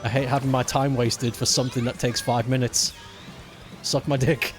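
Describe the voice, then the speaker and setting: A man's voice: medium pitch, flat delivery, normal speed, over music. A man ranting casually and with exasperation while he plays a racing game on stream, swearing often. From United Kingdom.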